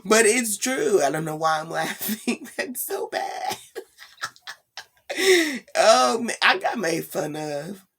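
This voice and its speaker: Slow-talking tired young woman vlogger. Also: medium pitch, expressive, a bit bright. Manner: rambling, laughs often, asks "you know what I'm saying?". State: tired, late at night. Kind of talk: casual spiritual vlog.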